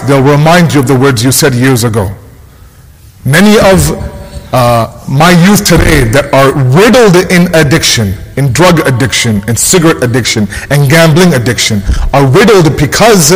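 A man's voice: fairly high pitch, lively intonation, normal speed, breathy edge. A man preaching a sermon as an imam, earnest and emphatic, hammering his points home by repeating key phrases. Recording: long hall reverb.

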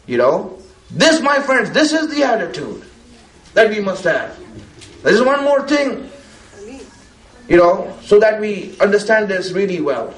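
A man's voice: extremely high pitch, big pitch swings, normal speed. A man giving a religious talk to a gathering in a conversational way, filling it with "you know" and putting questions to his listeners. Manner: conversational, many fillers, asks the listeners questions. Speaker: preacher. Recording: roomy echo.

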